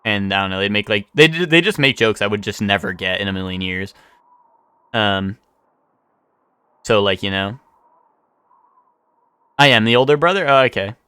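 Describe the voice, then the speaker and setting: A man's voice: lowish voice, expressive, moderate pace, long pauses, pushed and bright, clean tone, no echo. A man streaming live, chatting casually with chat, rambling with many fillers and restarts and swearing freely.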